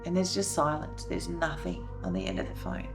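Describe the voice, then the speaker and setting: A woman's voice: deep voice, very animated, normal speed, over music. A woman telling a painful family story in a documentary interview, acting out the scenes with emotion. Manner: emotional, re-enacting scenes with rising voice. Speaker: veteran's wife telling her story.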